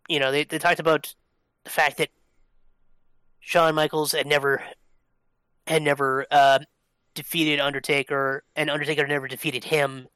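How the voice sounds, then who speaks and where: A man with a slightly high, bright, forceful voice explains at length in relaxed podcast chat. He talks loosely, with plenty of fillers and some swearing. The sound is dry and close. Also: smooth, no room sound. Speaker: podcast co-host. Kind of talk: casual chat.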